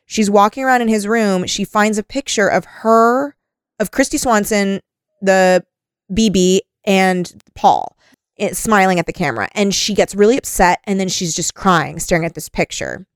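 A woman hosting a podcast in a relaxed chat. She agrees readily and reads plot summaries aloud in a mid-pitched voice, close and dry on the mic. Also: moderate pace, clear, resonant tone, no room sound. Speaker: podcast host.

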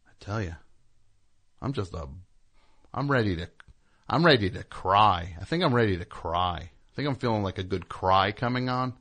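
A man from New Jersey hosting a comic call-in radio show, telling rambling stories with deadpan sarcasm. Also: fairly low pitch, moderate pace, pauses often.

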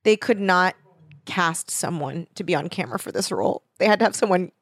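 A woman's voice: lowish voice, brisk, no echo. Woman riffing over a movie, dry sound. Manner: chatty, reactive, full of groans and laughs. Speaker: co-host watching a film. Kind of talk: casual watch-along commentary.

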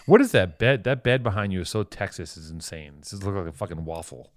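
A man's voice: deep voice, expressive, fairly quick, no room sound. A man hosting a podcast in casual banter, crude and joking, rambling through stories. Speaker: podcast host.

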